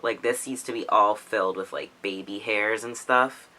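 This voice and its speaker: A man's voice: fairly low pitch, steady tone, normal speed, sharp tone. A young man vlogging about his own experiences in a rambling, casual way, full of "like" and "um". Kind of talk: casual chat.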